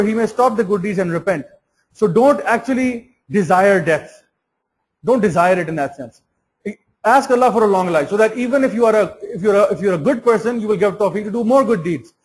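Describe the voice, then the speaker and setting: A man's voice: high voice, rough recording. A man giving an earnest Islamic sermon, often restarting and repeating words. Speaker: Islamic preacher.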